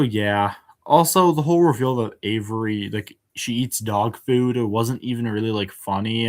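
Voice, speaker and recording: Guy doing a casual show review, keeps restarting and saying uh, frank and fed up. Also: lowish voice. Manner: hesitant, many filler words and restarts; frank and exasperated. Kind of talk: casual spoken episode review.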